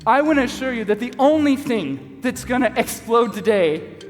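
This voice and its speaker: A man's voice: extremely high pitch, lively intonation, moderate pace. A man playing a cocky goofy know-it-all barista. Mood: rambling. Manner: cocky, rambling, laughing at his own jokes. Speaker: comedy sketch actor. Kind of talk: live stage comedy sketch. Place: church hall before an audience. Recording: live hall reverb, faint music.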